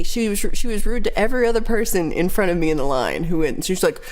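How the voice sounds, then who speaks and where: Animated, low-pitched woman ranting. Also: fast talker, hardly any pauses. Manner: animated ranting storyteller, swears freely; reads out viewer comments. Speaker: livestream host. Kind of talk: casual livestream chat.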